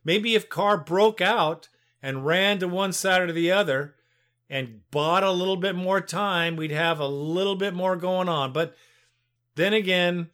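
A man's voice: high voice, a little slow, a bit bright. A man hosting a sports call-in radio show, speaking in a friendly, chummy way to his callers. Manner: friendly, chummy, calls listeners brother.

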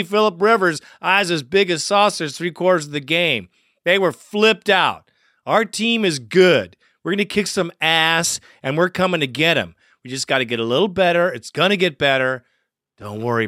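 A man's voice: a little high, sharp tone, no room sound, studio quality. A man hosting a fan call-in sports show, hyped and profane, calling callers partner. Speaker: podcast host.

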